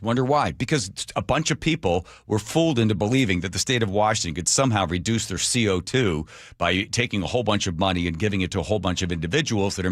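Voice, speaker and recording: A man's voice: low-pitched, fairly bright tone, no echo, studio quality. A man hosting a talk radio show, ranting in an opinionated and sarcastic way, sometimes putting on mocking voices for imagined people.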